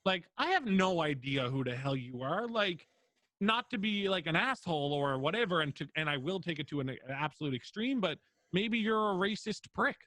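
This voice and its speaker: A man's voice: high voice, expressive, moderate pace, fairly bright tone, no room sound. A young man, a streamer guest on a podcast interview, talking casually with lots of fillers and free swearing. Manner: rambling, filler-heavy, swears freely.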